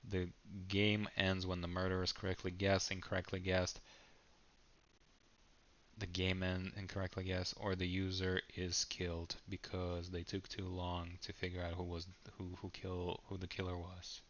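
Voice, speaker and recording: A man's voice: deep voice, completely flat delivery, moderate pace, fairly bright tone, lo-fi sound. A man reading an AI game prompt aloud, stumbling and laughing as he comments. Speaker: video creator.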